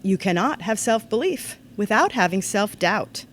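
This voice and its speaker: A woman giving a formal ceremony address to students, in an earnest, measured way that turns lively when she tells a story. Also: medium pitch, slight background noise. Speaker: ceremony speaker. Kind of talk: formal commencement-style address.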